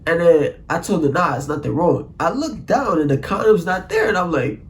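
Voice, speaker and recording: A young man telling a profane, animated story in a casual vlog, full of "like" and "bro.". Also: fairly high pitch, normal speed, a little hiss or hum. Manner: animated, profane, slang-heavy, constant "like" and "bro".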